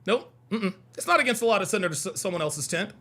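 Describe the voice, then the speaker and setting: A young adult man hosting a call-in livestream argues heatedly with chat, mocking viewers and repeating his points. He is a fast talker with a high-pitched, animated voice and a bright, forceful tone.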